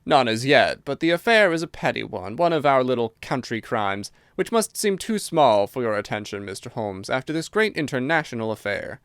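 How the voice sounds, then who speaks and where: A man voicing a hearty old military colonel who talks in a brisk, forthright way. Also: medium pitch, sing-song, a bit bright, smooth, dry recording, studio quality.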